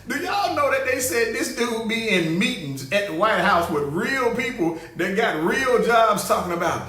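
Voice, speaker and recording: A man hosting a comic live show, animated and laughing as he greets viewers by name. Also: high voice, normal speed. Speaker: show host. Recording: roomy echo.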